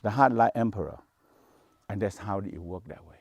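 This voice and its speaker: A man's voice: fairly low pitch, normal speed, gravelly, dry recording. A man teaching Taoist meditation practice, speaking English with non-native grammar in short, repeated phrases. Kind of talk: spoken teaching to a workshop.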